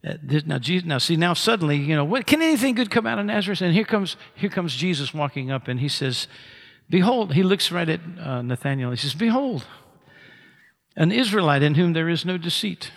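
A man's voice: fairly high pitch, lively intonation, fairly quick, vocal fry, a bit bright. A pastor preaching a sermon, acting out the scripture dialogue with big swings in his voice.

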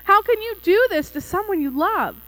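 A woman voicing a frightened young female tree in a storybook tale, pleading in a high, tearful voice. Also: animated, normal speed, bright, forceful tone, full character voice, poor audio.

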